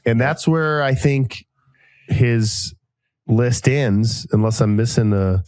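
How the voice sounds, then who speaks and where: A man in his thirties hosting a podcast, telling a long casual story and acting out each quoted voice with sudden jumps in pitch. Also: slow, darkish tone, clear, resonant tone, no room sound. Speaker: podcast host.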